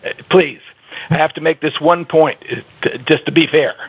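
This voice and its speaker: Man giving earnest health advice, gravelly, a bit husky, chuckles a lot, muffled lo-fi sound. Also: a little high, steady tone, normal speed. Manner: earnest, emphatic, laughs easily, many restarts. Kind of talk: conversational interview. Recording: dull lo-fi audio.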